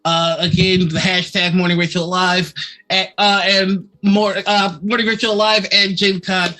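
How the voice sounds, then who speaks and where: A man's voice: sits high, little pitch movement, measured pace, bright, forceful tone. A man co-hosting a live-streamed chat show, talking in a playful, teasing way. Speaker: co-host.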